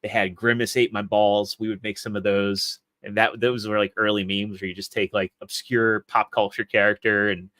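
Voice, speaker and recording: A man's voice: lowish voice, flat delivery, moderate pace, hardly any pauses, bright, forceful tone, no echo. A man in his thirties, a podcast guest, telling long rambling stories with frequent restarts. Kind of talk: casual interview chat.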